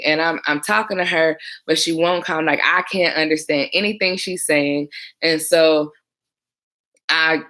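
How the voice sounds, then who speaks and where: A young woman, telling stories about her former job as a 911 dispatcher in a casual chat. She talks in a smooth, calm voice that turns animated when she acts out the people who called in. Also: on the low side, unhurried. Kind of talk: casual chat, storytelling to camera.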